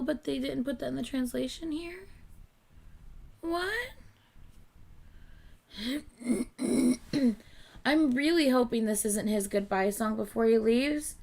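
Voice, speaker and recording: A woman's voice: sits high, slow pace, gravelly, long pauses, a little mellow. A woman giving casual, candid live reaction commentary to music as a YouTuber, chatty and swearing freely.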